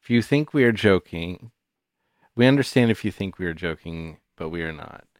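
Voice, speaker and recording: A young man co-hosting a comedy podcast, talking in a casual, deadpan, drawn-out way. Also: deep voice, clean tone, no echo, studio quality. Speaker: podcast co-host.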